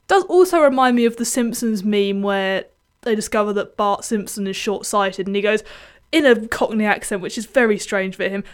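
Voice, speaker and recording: A woman's voice: medium pitch, moderate pace. A young woman hosting a music radio show, chatting casually and self-deprecatingly between songs.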